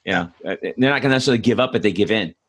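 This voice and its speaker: A man's voice: lowish voice, racing. Rambling male podcast host. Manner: rambling, many restarts and fillers. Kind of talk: casual interview conversation.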